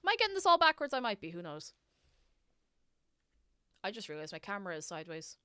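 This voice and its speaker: A woman's voice: mid-range voice, wildly swooping pitch, quick pace, pushed and bright, smooth, dry recording. A woman with an Irish accent, chatting to her viewers in a casual, scatterbrained way while she plays a game. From Ireland. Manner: chatty, scatterbrained, talks to chat. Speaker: streamer. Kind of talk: casual gaming stream chat.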